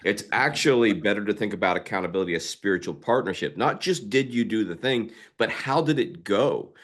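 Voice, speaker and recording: A man co-hosting a church leadership conversation, explaining ideas in a thoughtful, measured way. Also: on the low side, animated, fairly bright tone. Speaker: ministry leader and podcast co-host. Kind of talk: casual conversation.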